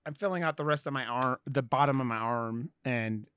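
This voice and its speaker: A man co-hosting a podcast in casual chat, excitable, swearing and laughing as he talks. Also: medium pitch, a little fast, clean tone, no room sound. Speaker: podcast co-host.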